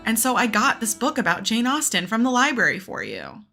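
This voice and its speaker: Animated woman teacher telling a story. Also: a little high, brisk, creaky, soft background music. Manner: animated, filler-heavy, laughing. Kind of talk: casual storytelling on a reading stream.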